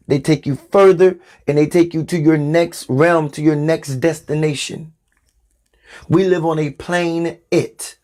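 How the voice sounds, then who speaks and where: A man delivers a spiritual sermon for his podcast. He speaks very slowly and deliberately, stressing words like a preacher. His voice sits a little high for a man. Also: darkish tone. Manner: slow, deliberate, preacherly emphasis.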